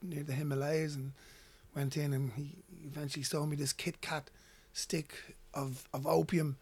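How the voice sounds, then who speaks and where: A man's voice: on the high side, flat delivery, normal speed, a little mellow, husky. A man from Ireland with an Irish accent, a guest telling personal stories in a loose, repetitive way. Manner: rambling, repeats words when starting sentences. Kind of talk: casual storytelling.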